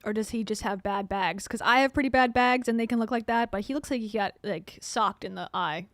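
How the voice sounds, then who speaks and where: A woman's voice: a little high, a little fast, dry recording. A woman hosting casual reaction commentary, sarcastic and chatty, often laughing as she talks. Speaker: commentary channel host.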